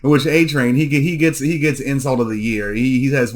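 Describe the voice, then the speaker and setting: A man's voice: mid-range voice, fairly even intonation, fairly quick. A man giving a loose, profane recap of a TV episode, often repeating himself and restarting sentences. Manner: loose, repeats words and restarts, laughs at jokes. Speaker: show recapper.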